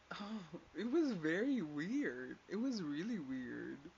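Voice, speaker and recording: High and creaky, this young male podcast host's voice carries a rambling personal story told as a casual rant. He quotes others with swearing and piles on filler words. The recording has a dull lo-fi quality and faint noise in the background.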